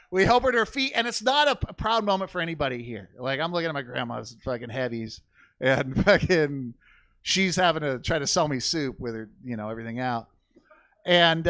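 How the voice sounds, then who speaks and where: A man's voice: a little high, a bit bright, no echo. A young man telling a crude family story in a stand-up comedy set, swearing freely and acting out the people in it. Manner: profane storytelling with voiced impressions. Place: comedy theater stage.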